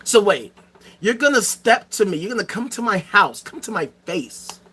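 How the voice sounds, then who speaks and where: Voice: mid-range voice, expressive, moderate pace, sharp tone, breathy edge. A streamer host ranting to the chat in a profane, sarcastic and emphatic way. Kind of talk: livestream rant to chat.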